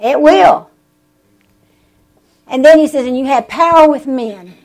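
A woman preaching a sermon, telling stories with animated emphasis and drawn-out words. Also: sits high, rough recording.

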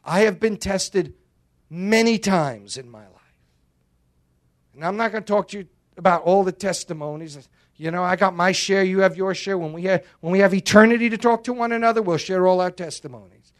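Brief: male preacher, slightly high voice, emphatic and dramatic, quick jokes. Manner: emphatic, dramatic, joking asides. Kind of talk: sermon.

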